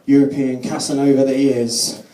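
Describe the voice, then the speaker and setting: A man's voice: mid-range voice, little pitch movement, moderate pace, mellow. A man doing a live stand-up routine, chatty and sardonic, slipping into mock voices. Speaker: stand-up comedian. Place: comedy night at a London venue. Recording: echoey venue, distant mic, audience noise.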